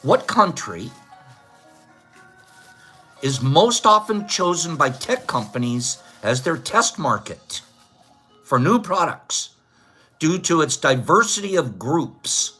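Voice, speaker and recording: A man's voice: a little high, sing-song, slow, long pauses, sharp tone, slightly rough, faint music behind. A man hosting a casual livestream trivia contest, chatting with viewers, joking and laughing at his own jokes.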